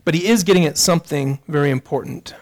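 A man's voice: a little high, fast talker, darkish tone. A man preaching a sermon as pastor, addressing the congregation directly with earnest rhetorical questions.

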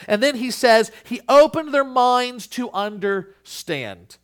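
A male pastor delivering a Sunday sermon with a fairly high voice. He is earnest, sinks to near-whispers on key words and climbs to emphatic peaks, and briefly acts out the people he quotes. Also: expressive, takes it slowly, hardly any pauses, fairly bright tone, clean tone.

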